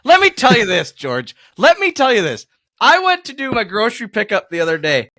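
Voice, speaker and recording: A man's voice: very high-pitched, wildly swooping pitch, a little fast, bright, forceful tone, no room sound, studio quality. A man hosting a podcast in casual chat, telling self-mocking stories and laughing often. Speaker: podcast host.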